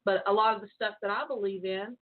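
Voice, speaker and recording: A woman's voice: medium pitch, fairly even intonation, quick pace. Woman caller rambling on, lots of you knows, phone line sound. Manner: rambling, many fillers. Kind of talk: casual call-in chat.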